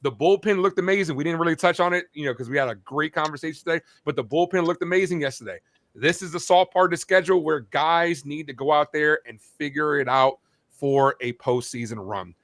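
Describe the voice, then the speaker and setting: A man's voice: a little high, a little fast, fairly bright tone. A man co-hosting a casual sports podcast, talking as a fired-up, rambling baseball fan. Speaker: play-by-play streamer and co-host.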